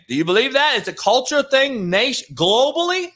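A man's voice: very high voice, sing-song, moderate pace, hardly any pauses, sharp tone. A man hosting a casual sports talk show, telling stories and posing probing questions. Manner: conversational, storytelling, probing. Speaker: show host.

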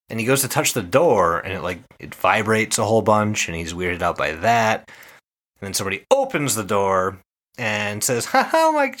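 Low, bright-toned man chatting. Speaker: podcast co-host. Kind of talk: casual chat.

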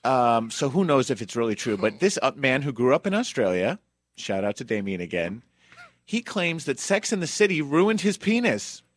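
A man hosting a podcast, telling a story in a loose, chatty way with plenty of asides. His voice is mid-pitched, and the sound is dry and close. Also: very animated, moderate pace, dry recording. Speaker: podcast host.

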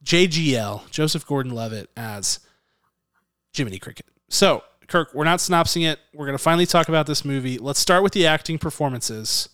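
A podcast co-host with a slightly high, smooth, clear voice talks a little fast, joking and ranting in an animated, lively way. The casual show is recorded close and dry, without echo or room sound.

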